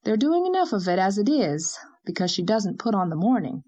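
A woman voicing an outspoken older village woman who talks in a brisk, tart, opinionated way. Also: mid-range voice, sing-song, mellow, dull audio.

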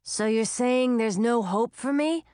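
A woman's voice: a little high, measured pace, warm tone, smooth, no room sound, studio quality, lightly acted. A woman voicing an earnest, lovesick young male dragon in a storybook reading. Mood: pleading. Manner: earnest, pleading.

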